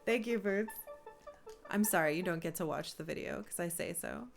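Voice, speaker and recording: A woman's voice: lowish voice, quick pace, gravelly, soft background music. A woman live-streaming a game, chatting casually, swearing and thanking viewers.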